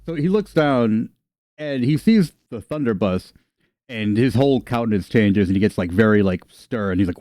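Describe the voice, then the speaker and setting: A man's voice: on the low side, lively intonation, normal speed, dark tone, no echo, clean studio sound. A man narrating as game master of a tabletop game in a casual way, with joking asides.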